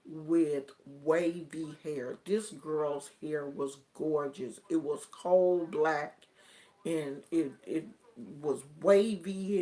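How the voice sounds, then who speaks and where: Slow-talking, easygoing American woman. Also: low voice, darkish tone. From United States. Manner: slow, drawn-out and colloquial, with many fillers. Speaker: vlogger telling a personal story. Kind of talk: casual storytelling.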